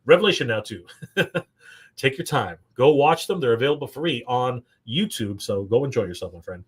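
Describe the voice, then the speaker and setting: A man's voice: mid-range voice, lively intonation, moderate pace, husky. A man from Canada hosting a live toy stream, reading viewer comments aloud and chatting casually, upbeat with frequent fillers. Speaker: livestream host.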